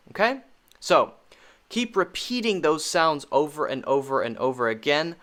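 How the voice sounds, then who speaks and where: A man teaching pronunciation, slowly repeating each sound in drills. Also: on the high side, big pitch swings, a bit bright. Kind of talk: pronunciation lesson.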